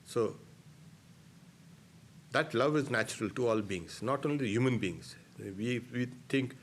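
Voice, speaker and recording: A middle-aged man, a swami giving a spiritual discourse, emphatic and given to soft laughs at his own points. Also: medium pitch, a little slow, pauses often, a little hiss or hum.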